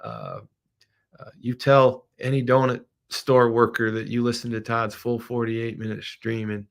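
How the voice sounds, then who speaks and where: A man's voice: mid-range voice, sing-song, unhurried, vocal fry, fairly bright tone. A middle-aged man, a business owner, talking through a casual livestream in a rambling, heartfelt way, emotional at times.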